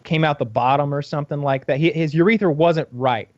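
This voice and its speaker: Podcast co-host, male, higher voice, rambling stumbling storyteller, dry lo-fi sound. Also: a little fast, no room sound. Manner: rambling storyteller, stumbles and repeats words, acts out quotes in shrill voices. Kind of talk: casual chat, retelling a radio bit.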